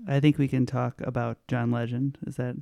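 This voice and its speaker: Gravelly man leading a trivia team. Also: mid-range voice, little pitch movement, normal speed, warm tone, dry recording, clean studio sound. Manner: decisive, laughs easily. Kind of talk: casual podcast banter.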